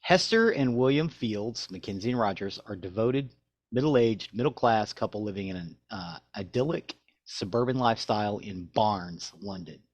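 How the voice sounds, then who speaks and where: A podcast co-host with a somewhat low male voice reads his notes aloud and then drifts into loose chat. He is recorded close to the mic in a dry room with no echo. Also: lively intonation, normal speed. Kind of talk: reading show notes and casual chat.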